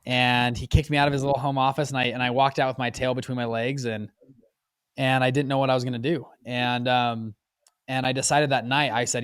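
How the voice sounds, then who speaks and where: A man in his twenties, a guest on an interview podcast, telling his story in a lively, casual way and jumping up in pitch when he acts out quotes. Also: a little fast, smooth, dry recording. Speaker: podcast guest, fund manager.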